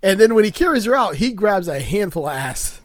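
A man with a high voice recaps a film scene by scene in a crude, casual way, laughing often and stacking up fillers as he goes. The sound is dry and close, with no room around it. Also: sing-song, a little fast, no room sound. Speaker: podcast host recapping a film.

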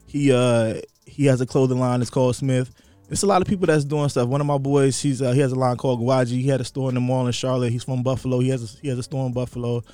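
A man in his thirties talks fast and animatedly while co-hosting a podcast, chuckling between his points. His pitch sits in a middle range and his delivery is quick and lively. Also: clear, resonant tone, no room sound, soft background music. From New York, raised in Atlanta. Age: 30s. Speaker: podcast co-host. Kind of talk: casual podcast conversation.

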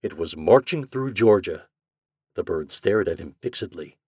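A man narrating an old holiday story aloud in an expressive, lively manner. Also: deep voice, moderate pace, breathy edge, no room sound, clean studio sound. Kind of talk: storybook reading.

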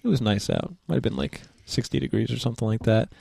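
A man of middle pitch tells a story on a podcast, rambling and restarting, swearing freely and laughing along. The recording is close and dry, with no room sound around him. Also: fast, vocal fry, mellow, husky, dry recording. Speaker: podcast guest. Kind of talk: casual storytelling chat.

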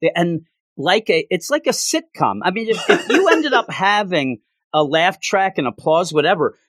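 A man's voice: high voice, very animated, normal speed, a bit bright, no echo. A man co-hosting a casual podcast, animatedly retelling a manga chapter and acting out the characters' lines. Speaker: podcast co-host.

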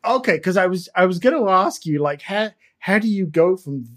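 A man hosts a casual interview chat in a high voice. He laughs often and encourages his guest. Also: expressive, normal speed, fairly bright tone. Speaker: podcast host.

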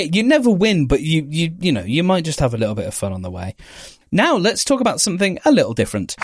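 Brisk man introducing a segment. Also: medium pitch, dry recording, studio quality. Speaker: podcast host. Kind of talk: casual chat and scripted segment intro.

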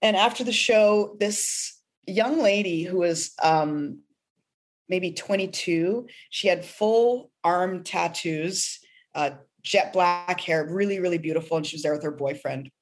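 Heartfelt low-voiced woman singer. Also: unhurried. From pastor's kid. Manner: heartfelt, emotional, laughs often. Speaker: singer-songwriter guest. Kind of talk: podcast interview.

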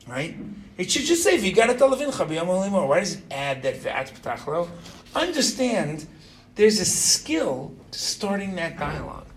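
A middle-aged man with a voice on the high side delivers an informal religious lesson a little slowly, with a bit of hiss or hum in the audio. He's animated, repeatedly quizzes the students, and tags points with "right?".

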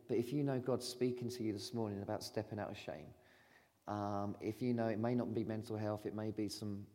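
Male preacher, lowish voice, chatty and pastoral, long church reverb. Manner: chatty, laughing storyteller turning gentle and pastoral. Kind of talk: sermon. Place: church hall.

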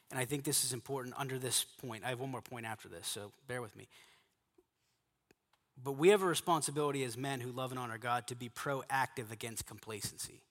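A man's voice: medium pitch, fairly bright tone, long reverb tail. A middle-aged male pastor preaching emphatically to men, repeating his key phrases. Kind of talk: sermon to a men's gathering.

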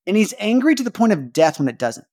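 A man's voice: high voice, very animated, quick pace, darkish tone. A man hosting a podcast, talking through a Bible passage in a casual, chatty way, with frequent "like" fillers and restarts. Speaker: podcast host. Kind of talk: casual Bible-study monologue.

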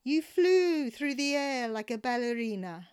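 Woman putting on a suave, gallant foreign gentleman. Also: fairly low pitch, sing-song, measured pace, voice pushed down. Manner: gallant, soothing. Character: suave charming foreign man.

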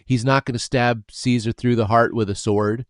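Mid-pitched man, dry close sound, patient explainer of scripture. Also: steady tone, moderate pace, no echo. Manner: explanatory, uses homely examples. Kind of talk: scripture discussion.

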